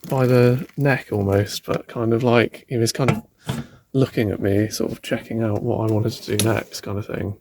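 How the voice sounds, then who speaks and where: Mellow-voiced rambling vlogger. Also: male voice, medium pitch, a little hiss or hum. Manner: rambling, tentative, laughs at himself. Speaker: van life vlogger. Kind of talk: casual vlog chat. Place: outdoors in a city and in a van.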